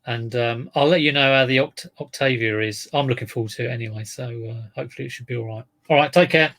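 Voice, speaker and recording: A man's voice: mid-range voice, fast talker, fairly bright tone. A man talking unhurriedly to his live-stream viewers in a rambling, chatty way.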